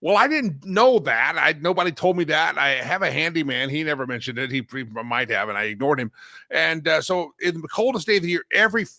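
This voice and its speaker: A man hosting a talk show, telling stories in a lively, animated way with frequent laughs and sudden loud bursts. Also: a little high, brisk, no room sound, clean studio sound. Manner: animated storyteller, laughs often, swings loud. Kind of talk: casual talk show banter.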